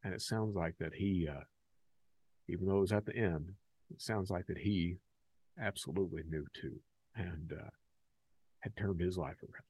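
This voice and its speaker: An American man hosting a podcast, talking casually and candidly with many fillers, growing animated in his stories. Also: sits low, normal speed, pauses often, husky, no echo. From United States. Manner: animated when telling stories. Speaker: podcast host.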